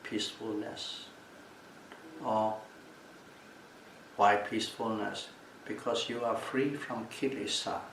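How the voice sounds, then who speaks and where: A male meditation teacher giving a calm Buddhist Dhamma talk at a retreat, repeating and restating key terms as he explains them. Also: fairly low pitch, takes it slowly, pauses often. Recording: echoey room, mic at a distance, faint background noise.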